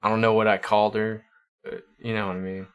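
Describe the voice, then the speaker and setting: A man's voice: lowish voice, flat delivery, quick pace, clean tone. A man hosting a livestream, chatting casually with viewers and often stumbling over and repeating his words. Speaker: livestream host.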